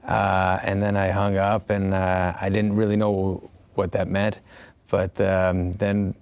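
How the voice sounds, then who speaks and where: A man's voice: deep voice, monotone, takes it slowly, darkish tone, smooth, no echo. A man chatting casually as an actor, telling stories in a rambling way with many restarts and quoted dialogue. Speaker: actor in a conversation. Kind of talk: casual conversation.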